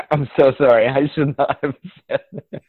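A man's voice: mid-range voice, steady tone, measured pace, husky, no echo. A man in casual comedic podcast chat, swearing freely, laughing often and acting out what people said. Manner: profane, laughing, acts out crowd voices. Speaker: podcast co-host. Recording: tinny phone-like line.

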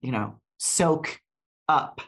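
This is an older woman with a very low, deep voice. She co-hosts a podcast in a loose, rambling way, full of fillers, restarts and side turns. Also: drawn-out words. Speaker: podcast co-host. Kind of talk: casual chat.

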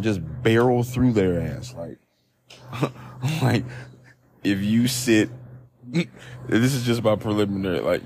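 A man hosting a solo podcast, reading news aloud and reacting with profane, incredulous commentary, recorded on a phone. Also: fairly low pitch. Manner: profane, incredulous, rambling with restarts. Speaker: podcast host.

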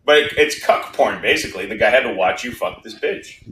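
Man, podcast guest, bright sharp voice, crude wisecracks, faint noise. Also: on the low side, lively intonation, a little fast, poor audio. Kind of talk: casual podcast chat.

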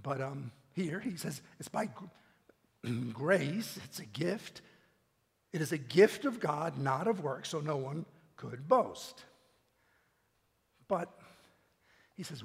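Male pastor, sermon, fairly high voice, husky, long hall reverb. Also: very animated, slow, pauses often. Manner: conversational, with many restarts and little laughs. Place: church hall. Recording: long echo of a big hall.

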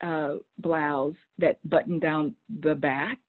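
A middle-aged woman, a guest on a show, telling a personal story in an animated way, often repeating words as she starts a sentence. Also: low-pitched, slow. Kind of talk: conversational storytelling. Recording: tinny phone-like line.

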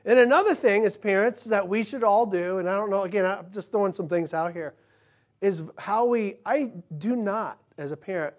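A male pastor preaching a sermon in church, talking conversationally and swinging from loud emphasis to hushed, quiet passages. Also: sits high, normal speed.

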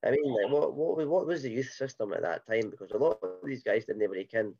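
A man's voice: mid-range voice, brisk, dark tone, muffled recording. A Scottish man hosting a casual football podcast, chatty and rambling with many fillers and restarts. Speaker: podcast host.

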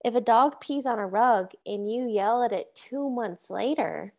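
A woman's voice: on the high side, unhurried, creaky, a little mellow. A woman hosting a casual interview as a coach, affirming and enthusiastic. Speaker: podcast host and coach.

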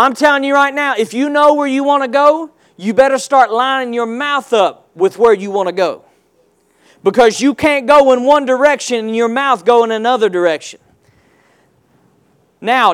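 A very high, smooth male voice comes from a pastor preaching a sermon. He reads scripture and calls on the congregation to respond, building up to loud exclamations.

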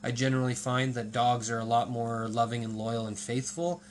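A man's voice: medium pitch, steady tone, normal speed, slight background noise. A man chatting casually as a podcast co-host, telling digressive stories with lots of fillers. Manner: rambling, digressive storytelling with many fillers. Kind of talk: casual conversational chat.

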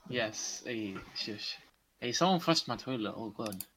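A man chimes in on a podcast call with teasing, half-mumbled jabs, and his pitch swings widely. His line is full of noise, with keyboard clicks rattling behind him. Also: expressive, unhurried, sharp tone, low-quality recording. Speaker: podcast co-host. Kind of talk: casual chat.

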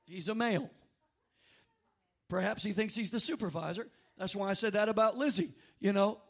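High-voiced preacher shouting at times. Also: male voice. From North Louisiana. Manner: dynamic preaching, bursts of shouting and drawn-out sung phrases. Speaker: pastor. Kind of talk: sermon. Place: church sanctuary before a congregation.

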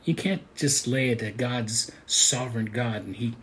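A man's voice: mid-range voice, measured pace, fairly bright tone. Older guy preaching, earnest and chatty, voice climbs when he pushes a point. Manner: earnest, conversational preaching that rises in emphasis. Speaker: pastor. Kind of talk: sermon.

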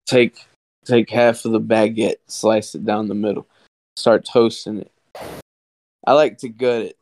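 Slow, meandering man on a podcast. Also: on the low side, flat delivery, a little mellow, dry recording. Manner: slow, drawn-out, meandering, swearing. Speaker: podcast co-host. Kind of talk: casual chat. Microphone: studio mic, no camera.

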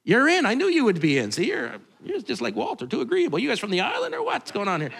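An eager, joking Jesus as a preacher puts him on, pitched well above the speaker's usual voice. The delivery is loud, bouncy and swooping, teasing and coaxing his friends like an excited leader rallying a crew. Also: fast, creaky, breathy edge, exaggerated voice. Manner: teasing, high and lively.

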